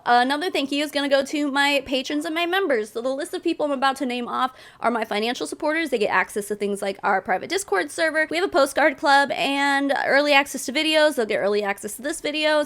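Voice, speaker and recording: A young adult woman with a slightly high voice talks bluntly through a reaction commentary. She swears freely and speaks in her own plain, candid way. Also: fairly bright tone. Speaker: YouTube commentator.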